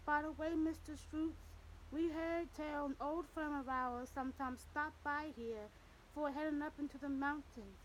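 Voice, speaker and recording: An eager, wide-eyed young cowhand in an audiobook western, read by a woman. He talks simply and keenly. The voice stays high. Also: fairly even intonation, a little slow, slight background noise, low-quality recording.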